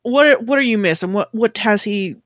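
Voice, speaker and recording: A woman's voice: mid-range voice, animated, normal speed, no room sound. A woman playing a tabletop game, speaking hesitantly with many fillers. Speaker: player. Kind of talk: tabletop role-play.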